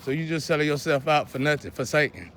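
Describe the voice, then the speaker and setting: A man, lecturing and scolding his viewers in a preachy monologue, often clearing his throat. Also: on the high side, expressive, fast, a bit bright. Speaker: vlogger.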